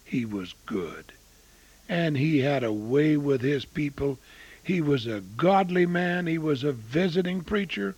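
A man in his eighties preaching a storytelling sermon, swinging between loud exclamations and hushed asides. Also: fairly high pitch, lively intonation, a little slow, slightly rough, poor audio. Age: 80s.

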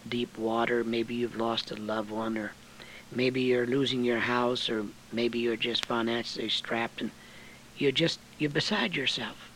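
An older man preaching a sermon in folksy, homespun phrasing, swinging from low, quiet stretches to loud, high-pitched bursts. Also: a little hiss or hum, rough recording.

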